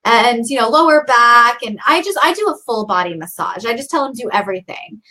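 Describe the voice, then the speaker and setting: A woman co-host tells a long story in loose, chatty conversation, sprinkling in likes and you knows. Her voice sits a little high and rings bright and forward. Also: lively intonation, a little fast. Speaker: podcast co-host. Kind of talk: casual chat.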